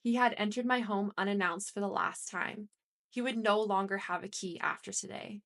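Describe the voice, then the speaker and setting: A woman's voice: mid-range voice, steady tone, moderate pace, fairly bright tone. Woman narrating a first-person audiobook.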